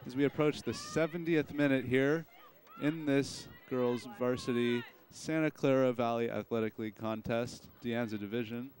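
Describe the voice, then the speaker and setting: A young man announcing a high school soccer game, calling the plays live in a steady commentary. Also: normal speed, slight background noise. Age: young adult. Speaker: play-by-play announcer. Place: outdoor soccer field.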